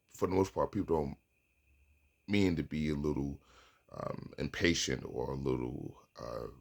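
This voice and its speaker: A man with a gravelly voice talks through a motivational pep talk and often repeats his own phrases. His voice sits extremely low, with plenty of creak. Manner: coaching, repeating phrases, acting out sample lines. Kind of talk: motivational self-talk monologue.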